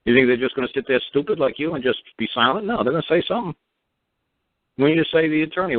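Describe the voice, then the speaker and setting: Speaking at a racing clip in a medium-pitched voice, this New Yorker runs a call-in show, crude and direct, with repeated rhetorical questions. The audio is dry and phone-thin.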